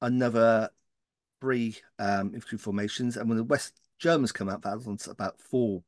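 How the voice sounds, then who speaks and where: A man's voice: on the low side, moderate pace, no room sound, studio quality. A middle-aged man co-hosting a podcast in casual, joking chat, often trailing off and restarting. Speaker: podcast co-host.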